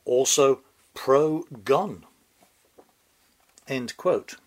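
A man delivering scripted satirical commentary in a dry, deliberate, sardonic manner. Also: mid-range voice, darkish tone. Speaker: commentary host.

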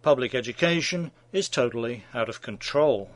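A man's voice: fairly high pitch, sing-song, unhurried, no echo. A man delivering scripted opinion commentary in a sardonic, mocking manner.

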